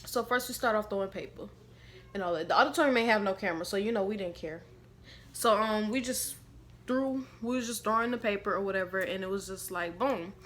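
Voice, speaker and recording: A woman's voice: mid-range voice, fairly quick, fairly bright tone. A woman casually telling a rambling, slangy story to her viewers, laughing along as she goes. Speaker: storytime vlogger.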